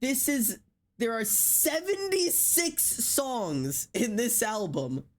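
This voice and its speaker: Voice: medium pitch, animated, slow. A streamer chatting casually on a live stream, reading a long list aloud, often laughing and swearing.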